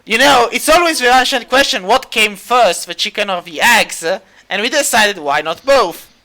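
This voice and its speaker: A man's voice: high voice, lively intonation, normal speed, sharp tone. A man narrating a tabletop game as game master, hesitant and full of fillers, cracking jokes. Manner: hesitant, many fillers, jokey.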